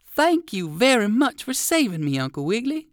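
A man's voice: extremely high pitch, very animated, normal speed, no room sound, clean studio sound, pitched above the performer's own voice. A man voicing a friendly young male dog in a storybook reading, talking in an eager, chatty way. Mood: grateful.

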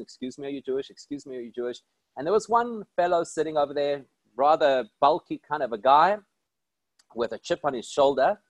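A man speaking as a rabbi, telling stories in an animated, emphatic way and asking rhetorical questions. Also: a little high, no echo. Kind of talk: inspirational storytelling talk.

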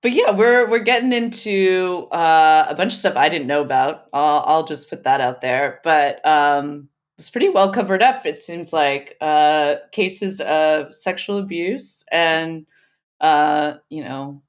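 A woman with a low, deep voice hosts a podcast in loose, casual conversation. She rambles through her points and laughs often between thoughts. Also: unhurried. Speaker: podcast co-host.

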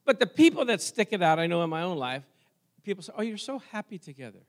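A man with a high-pitched voice delivers a sermon. He tells a personal story with animated energy and talks straight to his congregation. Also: fast. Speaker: preacher.

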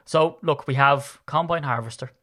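A man, hosting a casual sports podcast, chatty and quick to laugh. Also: fairly high pitch. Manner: chatty, laughing, animated banter. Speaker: podcast host.

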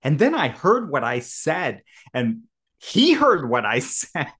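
A man's voice: fairly high pitch, wildly swooping pitch, takes it slowly, fairly bright tone, slightly rough. A man, a podcast guest, telling a personal story with lots of expression, laughing often and acting out both sides of a conversation.

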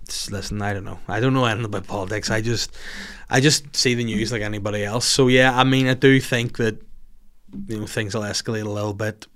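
A man's voice: fairly low pitch, brisk, a bit bright. A man hosting a casual podcast, answering listener questions in a blunt, jokey, profane way. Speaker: podcast host.

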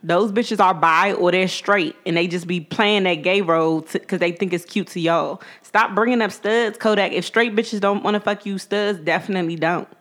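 A woman's voice: on the low side, normal speed, few pauses, fairly bright tone. A woman co-host in casual podcast banter, ranting bluntly and profanely.

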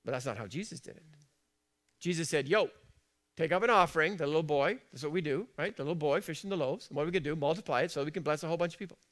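Emphatic preacher with a higher voice. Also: male voice, racing. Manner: conversational, asks the congregation questions, swings between soft and emphatic. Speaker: pastor. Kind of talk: sermon. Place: church.

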